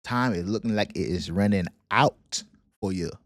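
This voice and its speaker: A man's voice: lowish voice, normal speed, no room sound. Guy laughing thru a football rant, slangy, dry close sound. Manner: laughing, joking, trash-talking in slang. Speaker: sports commentary vlogger. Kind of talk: casual sports rant.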